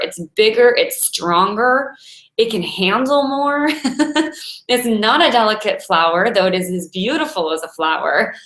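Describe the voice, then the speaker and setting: A Taoist meditation teacher in her forties gives a casual inspirational talk, chatting and laughing often as she tells stories. Her mid-range voice is a bit bright, and the room adds a noticeable echo.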